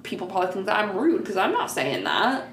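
A woman's voice: medium pitch, wildly swooping pitch, brisk, fairly bright tone. Young woman, blunt and chatty, podcast co-host, roomy echo, faint hiss. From American North. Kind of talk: casual chat. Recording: echoey room with faint hiss.

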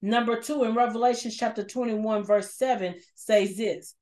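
A woman's voice: fairly high pitch, steady tone, moderate pace, hardly any pauses, a little mellow. A woman preaching an emotional, repetitive sermon and sharing her own testimony of struggle. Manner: passionate, repetitive, emphatic; shares personal testimony.

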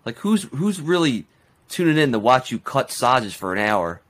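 A man's voice: mid-range voice, sing-song, moderate pace, fairly bright tone. A young man co-hosting a podcast, chatting in a laid-back, bemused way. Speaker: podcast co-host. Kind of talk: casual podcast chat.

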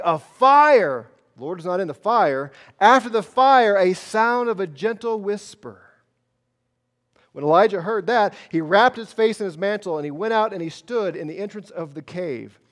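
A male pastor preaching a sermon, telling a story dramatically, swinging from loud to hushed. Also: high voice.

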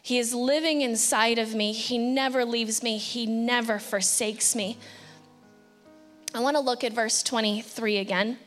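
Woman pastor, high voice, impassioned sermon, preaching to a congregation. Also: steady tone, measured pace, fairly bright tone, in a large hall, faint music behind. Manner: impassioned preaching, acting out quoted pleas.

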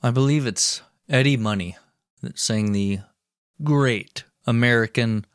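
A man co-hosting a podcast, reading a history story aloud with wry, deadpan asides. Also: medium pitch, measured pace, smooth, no room sound, clean studio sound. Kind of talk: reading history narration with jokes.

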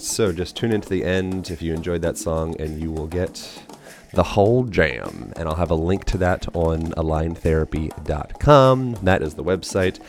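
A man hosting a podcast, talking in a loose, joking, playful way. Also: deep voice. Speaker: podcast host. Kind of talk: casual podcast monologue.

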